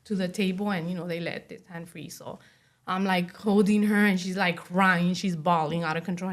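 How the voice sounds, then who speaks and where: Halting woman recounting her story. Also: lowish voice, steady tone. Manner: halting, heavy with fillers like "you know" and "like"; acts out other people's words while telling her story. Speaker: interview guest. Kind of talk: recounting a personal story in an interview.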